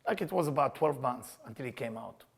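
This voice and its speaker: A man's voice: medium pitch, expressive, a little fast, vocal fry, husky. An older man teaching a Kabbalah class, emphatic, repeating his questions, with non-native English grammar. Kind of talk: spiritual class lecture.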